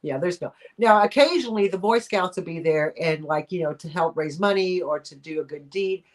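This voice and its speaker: A woman's voice: lowish voice, a little fast. A woman hosting a casual live-stream chat, talking in a rambling way with lots of fillers and little laughs. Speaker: host of a live chat show.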